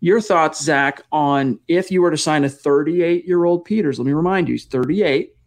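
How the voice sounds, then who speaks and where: A man with a voice a little high for a man hosts a casual live-stream podcast at normal speed. With steady energy, he reads viewer comments aloud and thanks donors one at a time.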